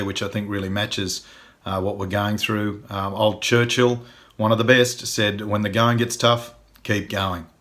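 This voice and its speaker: A man's voice: on the low side, fairly bright tone. A middle-aged man, giving folksy, earnest advice in a casual video monologue, with frequent ums and uhs.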